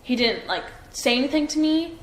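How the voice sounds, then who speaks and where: A woman's voice: sits high, lively intonation, moderate pace. A young woman in her twenties giving a police interview, hesitant and full of fillers and restarts. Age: 20s. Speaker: witness being interviewed by police. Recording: roomy room echo with faint noise.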